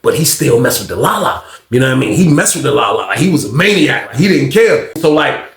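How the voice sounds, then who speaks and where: A man's voice: mid-range voice, quick pace. A man telling a long story in a casual, slangy way, acting out the people in it. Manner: animated, slangy, acts out the other people in his story. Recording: roomy echo.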